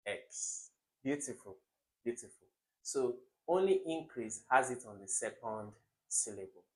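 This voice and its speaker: A young man explaining English exam questions as a tutor, animated and repeating words to show where the stress falls. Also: mid-range voice, rough recording. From Nigeria.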